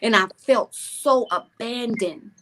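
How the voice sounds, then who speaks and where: A woman guest, a spiritual healer, talking in an animated, preachy storytelling way in a casual chat. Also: fairly high pitch, slow, a little hiss or hum.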